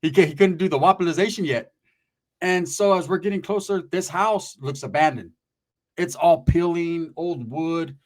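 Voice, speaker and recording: Crude, animated middle-aged storyteller man. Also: a little high, moderate pace. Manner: crude, animated, breaks into mock singing. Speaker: comedic storyteller. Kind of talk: profane comedic storytelling.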